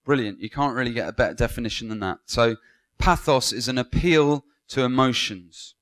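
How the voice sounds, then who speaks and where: Male lecturer, mid pitch, interactive classroom delivery. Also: moderate pace, a bit bright. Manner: engaging, asks the class questions and praises answers. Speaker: Bible school lecturer. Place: lecture room with students.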